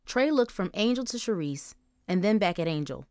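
A woman narrating a young-adult novel as an audiobook, in clear, even storytelling. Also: mid-range voice, moderate pace, dry recording, studio quality. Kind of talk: scripted narration.

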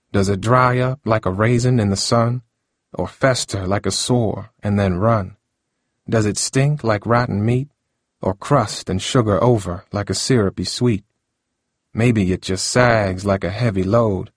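A grieving old woman who once taught school speaks in a soft, wavering voice, as a male narrator puts her on. The sound is dry and close. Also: mid-range voice, expressive, moderate pace, dry recording, pitched above the performer's own voice, close to an everyday voice. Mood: reciting, reminiscing. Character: elderly woman, retired teacher, grieving neighbor.

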